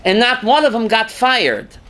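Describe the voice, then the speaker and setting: An older man, a rabbi teaching a class, reads scripture aloud with dramatic force, sometimes shouting, and questions his students. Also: very high voice, big pitch swings, a little slow, slight background noise. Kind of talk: Torah class lecture.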